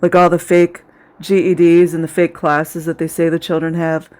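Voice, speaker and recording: A commentator narrates footage in a casual vlog voice, cutting between biting sarcasm and open indignation. The voice sits at an ordinary middle pitch and often sounds near tears. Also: little pitch movement, normal speed, darkish tone. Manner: emotional, close to tears. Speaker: video commentator.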